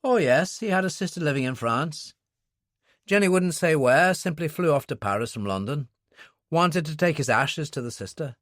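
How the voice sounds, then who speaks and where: A man reading an audiobook, voicing a calm, watchful Irish man, a seasoned operative with a dry manner. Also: a little high, moderate pace, dry recording, pitched above the performer's own voice.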